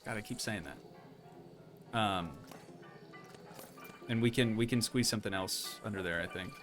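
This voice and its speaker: A man's voice: lowish voice, normal speed, over music. A young man casually commenting as he builds in a game, chatting to his viewers and thinking aloud. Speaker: streamer.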